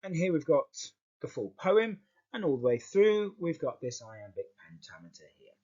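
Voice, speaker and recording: A male teacher explaining a lesson in a lively, stop-start way, often repeating words as he goes. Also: fairly high pitch, moderate pace, dull audio.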